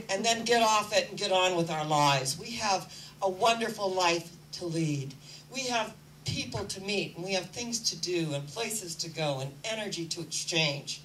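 A woman's voice: mid-range voice, fairly bright tone, slight background noise. Spiritual woman teacher from a distant mic. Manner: earnest, storytelling. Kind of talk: inspirational talk.

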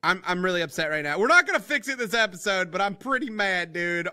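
An excitable young man rambles through his gameplay, calling out to his viewers as he builds. His voice sits high and swoops all over, with a very bright, forceful edge. Keys clack now and then behind him. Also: fairly quick. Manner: excitable, rambling, talks to viewers as guys and boys. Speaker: gaming video host. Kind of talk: casual let's-play commentary.

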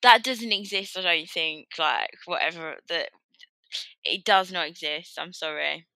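A woman's voice: fairly low pitch, measured pace, pushed and bright, no room sound. A woman guest on a podcast speaking frankly and emphatically in casual discussion. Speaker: podcast guest, writer and editor.

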